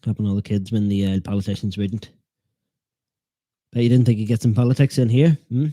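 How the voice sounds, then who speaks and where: A man hosts a live football watchalong, joking at his own expense and needling the chat. His voice sits low and mellow. The sound is dry and close. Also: flat delivery, brisk, no echo. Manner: joking, self-deprecating, teasing viewers. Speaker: fan channel host.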